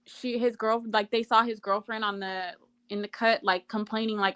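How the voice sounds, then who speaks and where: A woman's voice: medium pitch, little pitch movement, a little fast, a bit bright, clear, resonant tone, no room sound. A woman chatting casually on a late-night show, blunt and gossipy with plenty of swearing.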